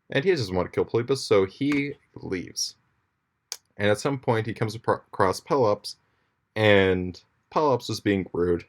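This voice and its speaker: A man giving a school presentation, retelling a play in a jokey, casual way with slang. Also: on the low side. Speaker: student presenter.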